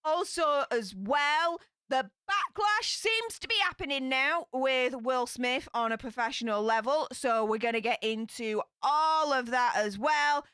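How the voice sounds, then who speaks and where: A woman's voice: high-pitched, lively intonation, sharp tone, clean tone, no room sound, studio quality. A woman in her thirties with a Yorkshire accent, hosting a casual livestream and greeting viewers in a sassy, chatty way. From Yorkshire, England. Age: 30s. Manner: sassy, chatty, quick greetings with northern slang. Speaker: livestream host.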